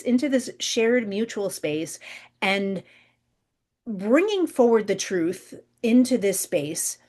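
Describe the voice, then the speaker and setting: A woman talks through an intuitive spiritual reading as the show's host, addressing her viewers directly. She searches for words as she goes, with frequent fillers, repeats and restarts. Her voice sits in an ordinary middle pitch. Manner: giggles softly now and then.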